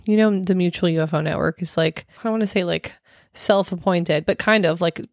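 A woman's voice: lowish voice, fairly quick, dry recording, clean studio sound. A woman co-hosting a podcast in casual chat, telling stories with lots of "like" fillers. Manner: chatty storyteller, heavy filler "like". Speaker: podcast co-host.

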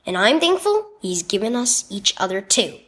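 Woman voicing a gentle, tired mother. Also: medium pitch, big pitch swings, moderate pace. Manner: gentle, encouraging. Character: tired, loving single mother.

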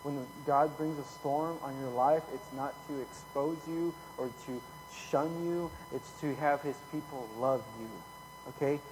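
A man preaching a casual sermon, folksy and chatty, tagging lines with "okay?" and getting louder when he reads scripture. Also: a little high, steady tone, unhurried, noisy background. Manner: folksy, repeats "okay?" often, rises loud when reading scripture. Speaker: pastor.

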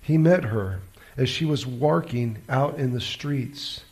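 Slow gravelly preacher man. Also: mid-range voice, a little mellow. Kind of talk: sermon storytelling.

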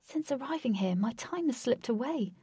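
A woman voicing an earnest young girl in a storybook reading, high and soft-spoken. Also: expressive, moderate pace, breathy edge, dry recording, studio quality, heavily acted.

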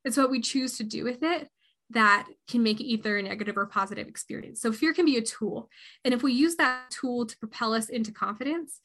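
Young woman in her 20s, interview guest, earnest and reflective, slightly high, bright voice. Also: brisk. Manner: earnest and reflective, with frequent restarts. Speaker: podcast guest, harpist. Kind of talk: interview answers.

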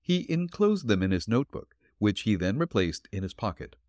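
A man narrating a detective story in a low voice that moves expressively up and down. His delivery is steady and measured. The sound is dry and close to the mic. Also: no echo. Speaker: audiobook narrator.

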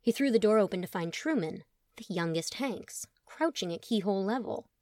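A woman's voice: mid-range voice, animated, moderate pace, darkish tone, no room sound, clean studio sound. Wry woman narrating an audiobook.

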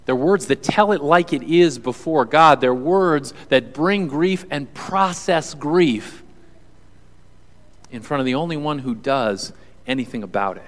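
A man's voice: a little high, measured pace, in a large hall. A male pastor preaching a sermon to a congregation in an earnest, conversational way. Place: church hall with audience.

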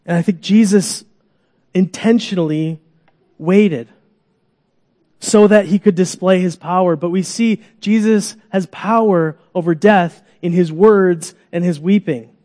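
A man preaching a sermon to a congregation in a church, animated, acting out groans and cries, coaxing children up for an illustration. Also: high voice, a little slow, in a large hall. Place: church sanctuary.

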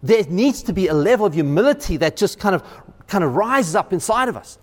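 A male pastor preaching a sermon in a church, animated, often repeating words and acting out quotes. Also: high voice, fairly quick, big-room sound.

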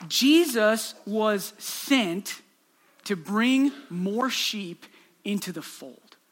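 High-pitched guy preaching, earnest storyteller, lots of rhetorical questions. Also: expressive, extremely slow, a bit bright. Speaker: pastor. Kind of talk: sermon.

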